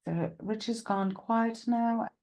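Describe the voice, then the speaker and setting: A woman's voice: fairly high pitch, mellow. A woman with a slight cough, hosting a live psychic stream from home, chatting casually and greeting viewers by name with rambling asides.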